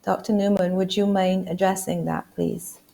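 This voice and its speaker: A woman moderating a video-call webinar, polite and measured, with some fillers. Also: mid-range voice, little pitch movement, gravelly, warm tone.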